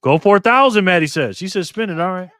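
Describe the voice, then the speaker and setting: A man's voice: sits high, animated, fast talker, a bit bright, dry recording, clean studio sound. A man hosting a casual live stream, chatting loosely with viewers by name and repeating himself.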